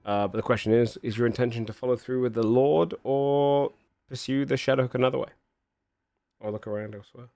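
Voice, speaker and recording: A man narrating a tabletop game as game master, in a relaxed, rambling way. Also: mid-range voice, brisk, vocal fry, no echo.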